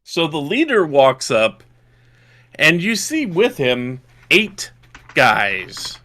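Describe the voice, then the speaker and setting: A man's voice: on the high side, huge pitch swings, very slow, bright, forceful tone. A man from Yorkshire narrating a tabletop game as game master, describing scenes and checking rules aloud.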